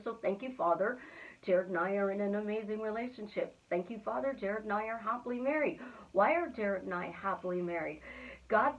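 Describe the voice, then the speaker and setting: A middle-aged woman giving a motivational self-help talk. She speaks earnestly and repeats affirmations in a steady rhythm. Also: mid-range voice. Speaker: manifestation coach. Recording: thin phone-like sound, distant from the mic.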